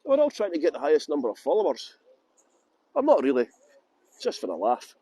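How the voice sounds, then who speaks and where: High, lively man rambling. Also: brisk, slightly rough. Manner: rambling, joking, greets viewers by name. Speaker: tour guide. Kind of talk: casual livestream chat. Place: outdoors in a busy city.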